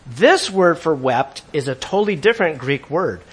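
A man preaching a sermon with energy, swinging between loud emphasis and quiet asides and asking his congregation questions. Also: a little high, big pitch swings, normal speed, breathy edge. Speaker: pastor.

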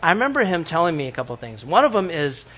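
A middle-aged male pastor preaching a sermon, animated and often acting out quoted voices. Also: fairly high pitch, very fast, husky.

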